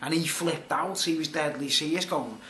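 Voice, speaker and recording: Brief: middle-aged man, slightly high voice, rambling storyteller, echoey room with faint hiss. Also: normal speed, sharp tone. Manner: rambling, filler-heavy, conversational. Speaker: vlogger. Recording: roomy echo, faint background noise.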